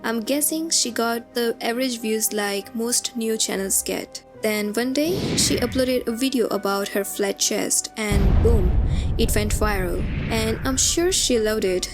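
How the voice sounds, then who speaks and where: A woman reads a scripted commentary voice-over, explaining things in an easy, conversational manner. Her voice sits fairly high, and soft background music plays beneath her. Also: measured pace. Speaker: commentary narrator. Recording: music bed underneath.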